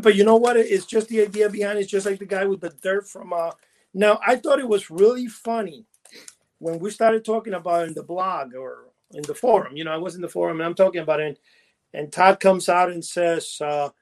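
A man co-hosting a casual chat show, rambling through his stories with restarts and laughing at his own jokes. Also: high voice. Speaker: podcast co-host.

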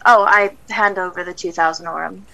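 A woman with a gravelly, creaky voice plays her character in a tabletop game. She speaks in a calm, businesslike way. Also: fairly low pitch, fairly quick, poor audio. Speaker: player.

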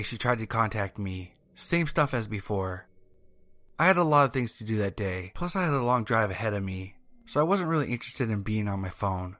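A man narrating a first-person horror story in a steady, even storytelling manner. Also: medium pitch, no echo. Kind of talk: scripted narration. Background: faint music.

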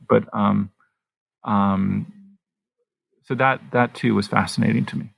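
A man with a deeply gravelly, husky voice, pitched a little low, explaining his book in a thoughtful interview. He speaks haltingly, pausing and restarting his sentences as he works out his thoughts. The sound is close and dry. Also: steady tone, no echo. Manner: halting, thinks aloud with many pauses and restarts. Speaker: author being interviewed.

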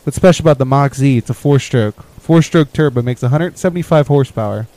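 A young man telling a winter trip story on a podcast in an everyday mid-pitched voice. He rambles casually and chuckles as he goes. His voice often trails off quietly at the ends of phrases. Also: fast, no echo, rough recording. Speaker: podcast co-host.

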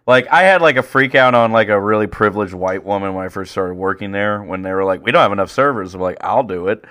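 A man co-hosting a podcast, telling stories in crude, animated casual chat and jumping into high-pitched impressions. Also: fast. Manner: profane, animated storyteller doing high impressions. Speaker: podcast co-host.

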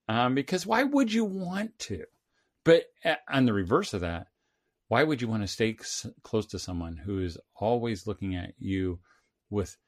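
An earnest middle-aged man in an unscripted talk about family life. His pitch rises and falls in a lively way, and he keeps restarting his sentences as he works through a thought. His voice sits at a middle pitch for a man. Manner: earnest, animated, repeats and restarts phrases. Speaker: podcast co-host. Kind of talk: casual conversation about parenting.

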